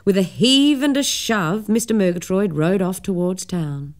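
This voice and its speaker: A woman narrating a children's story in an expressive reading voice. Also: medium pitch, a little slow.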